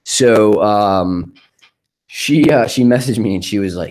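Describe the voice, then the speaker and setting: A man with a fairly low voice co-hosts a casual podcast. He tells stories in a laid-back, rambling way and curses often. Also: moderate pace, darkish tone, rough recording. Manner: profane, laid-back storytelling. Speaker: podcast co-host. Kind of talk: casual chat.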